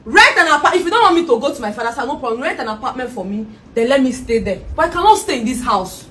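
A woman's voice: high voice, expressive, fast talker, a bit bright, distant mic, slight background noise. A woman acting as a fed-up wife at the end of her rope, exasperated and pleading. Heard from a little way off the mic, with faint room sound behind. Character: distraught fed-up wife named Joy.

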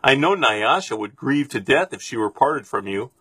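A man reading a storybook aloud, voicing a proud, greedy young woman who is haughty and falsely sweet, with a husky voice. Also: medium pitch, lively intonation, normal speed, bright, forceful tone, dry recording.

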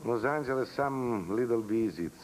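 A man in his sixties from Italy with an Italian accent, answering talk show questions in halting, broken English with searching pauses. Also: medium pitch, expressive, a little mellow, slight background noise. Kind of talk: interview answers. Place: TV studio.

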